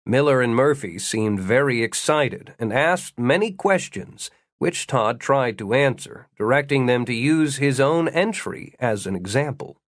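A man's voice: medium pitch, lively intonation, a little slow, hardly any pauses, no room sound. Male audiobook narrator, dry close sound. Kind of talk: scripted narration.

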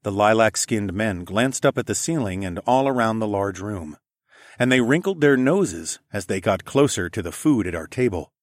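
A man's voice: on the low side, lively intonation, moderate pace, no echo, studio quality. A man narrating a first-person science fiction audiobook.

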